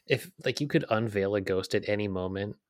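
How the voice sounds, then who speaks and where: Low-voiced rambling podcast co-host man. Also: fairly quick, no echo, studio quality. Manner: rambling, filler-heavy, lots of "like". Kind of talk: casual chat.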